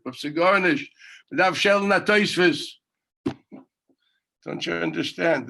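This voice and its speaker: A middle-aged man, a yeshiva rabbi, teaching an informal Talmud class. He tells a story between points, laughing and shouting out quotes, and speaks over a video call. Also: mid-range voice, gravelly.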